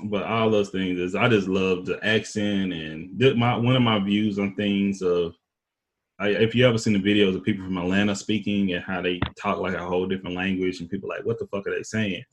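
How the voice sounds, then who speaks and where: A man with an East Texas accent hosting a casual chat, talking slowly in a laid-back drawl. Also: low-pitched, fairly even intonation. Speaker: podcast host.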